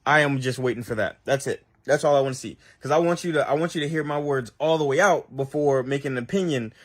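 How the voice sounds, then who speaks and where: A man's voice: medium pitch, fast talker. A man talking to camera in a clip, earnestly insisting on being heard out in full. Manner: earnest, insistent, explains himself. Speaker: video creator.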